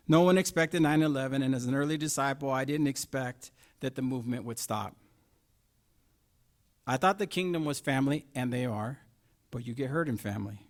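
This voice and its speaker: A middle-aged man delivers a sermon at a medium pitch, posing rhetorical questions and swinging between hushed asides and loud, emphatic points.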